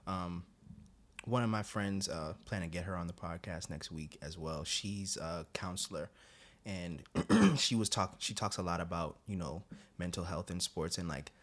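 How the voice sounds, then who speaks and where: Podcast host, young man, very low voice, rambling storyteller who jumps into high voices for quotes. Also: normal speed, a bit bright. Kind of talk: casual podcast chat.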